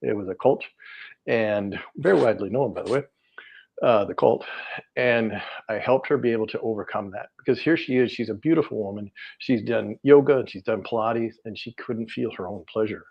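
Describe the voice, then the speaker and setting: A man's voice: fairly low pitch, normal speed, vocal fry, slightly rough. Middle-aged man, rambling earnest storyteller. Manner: rambling, earnest, many fillers and restarts. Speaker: energy healer guest. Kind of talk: podcast interview storytelling. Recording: dull lo-fi audio.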